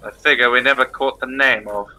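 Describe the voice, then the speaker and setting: A man's voice: mid-range voice, fairly even intonation, a little fast, sharp tone, a little hiss or hum, rough recording. A man playing a tabletop game in character, cool and mercenary. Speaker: player.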